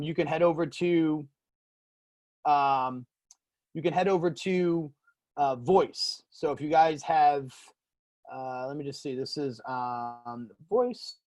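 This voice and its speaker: A man hosting a casual screen-share software tutorial, loose and rambling, full of fillers. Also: fairly high pitch.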